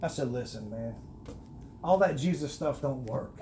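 A middle-aged man giving a personal testimony in a conversational interview, earnest, with many restarts, rising and getting animated at emphatic points. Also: mid-range voice, moderate pace, slight background noise. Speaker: guest sharing his testimony.

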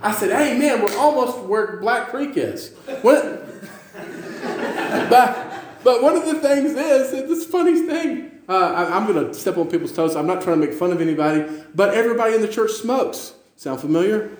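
A man's voice: high voice, normal speed, a little mellow. A male pastor with a Western New York accent, preaching a sermon in a jokey storytelling way with stammering restarts. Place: church sanctuary. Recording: echoey church room.

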